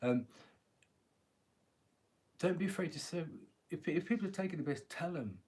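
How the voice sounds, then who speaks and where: On a live-stream tarot reading, a man talks into his phone in a slightly mellow, higher-than-average voice with lively intonation at a moderate pace. He's chatty and joking, laughing often and swearing casually.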